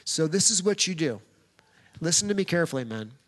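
A man's voice: high-pitched, quick pace, a bit bright. A pastor preaching a sermon in a direct, plain-spoken way, speaking straight to the men in his congregation. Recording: long hall reverb.

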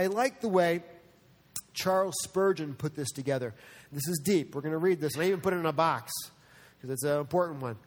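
A man preaching a sermon as a pastor, earnest, moving between soft asides and animated stretches. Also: fairly high pitch, long reverb tail.

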